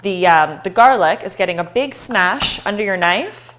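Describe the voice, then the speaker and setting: A woman's voice: mid-range voice, lively intonation, moderate pace, fairly bright tone. A woman hosting a live cooking show, chatting and encouraging viewers as she chops.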